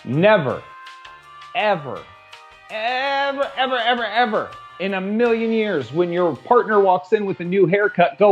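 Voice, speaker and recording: A man co-hosting a movie review podcast, talking in an animated, profane, joking way. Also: sits high, unhurried, muffled recording, faint music behind. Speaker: podcast co-host. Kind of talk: casual movie review chat.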